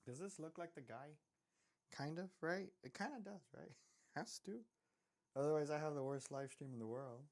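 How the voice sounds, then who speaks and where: A man's voice: fairly high pitch, normal speed, a little mellow. A man chatting casually while drawing on a live stream, rambling and self-deprecating, often trailing off into mutters.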